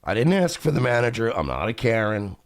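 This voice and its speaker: A man's voice: mid-range voice, big pitch swings, fairly quick, no room sound, studio quality. A man hosting a radio show, telling a profane, exasperated story and acting out both sides of the conversations. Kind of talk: casual storytelling rant.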